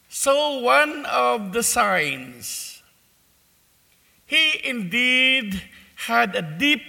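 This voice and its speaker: A male preacher tells a parable to his congregation at a very slow, measured pace, in a high, strikingly bright voice. His words ring out with a long reverb from a large church. He tells the story in a deliberate way. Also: vocal fry. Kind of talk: sermon with a told parable.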